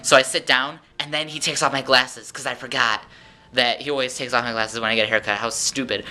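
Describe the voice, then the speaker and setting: A man telling a rambling, animated story in a casual vlog, acting out the voices of the people in it. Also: medium pitch, a little fast. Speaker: vlogger.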